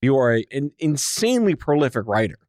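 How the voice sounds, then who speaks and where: A man hosting an interview show, asking questions with teasing jokes and quick asides. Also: medium pitch, sing-song, a little mellow, no room sound, studio quality. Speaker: podcast host. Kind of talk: casual interview chat.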